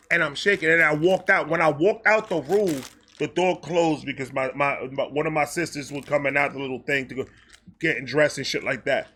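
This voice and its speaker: High-voiced man telling a comic story. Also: a little fast, slightly rough. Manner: animated, profane, acts out quotes. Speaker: storytelling host. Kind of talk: comedic storytime monologue.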